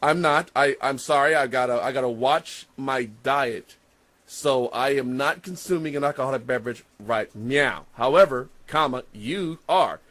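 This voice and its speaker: A man's voice: medium pitch, moderate pace, a bit bright, no echo. A man hosts a loose sports podcast in a mid-range voice, teasing and swearing freely. His sound is dry and close, with no room around it. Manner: teasing, profane, joking. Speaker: host. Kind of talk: casual podcast banter.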